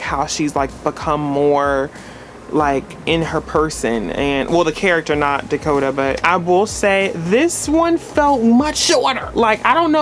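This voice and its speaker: A man's voice: on the high side, slight background noise. A man reviewing a film in a casual vlog, gushing and dramatic, with many restarts and constant "like"s. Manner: rambling, full of "like".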